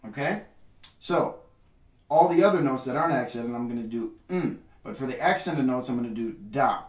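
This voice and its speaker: A man's voice: medium pitch, lively intonation, normal speed, reverberant, distant mic. A man giving a trumpet lesson, explaining rhythm and singing syllables to show it. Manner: sings syllables to demonstrate rhythm. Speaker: trumpet teacher. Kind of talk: instructional video lesson.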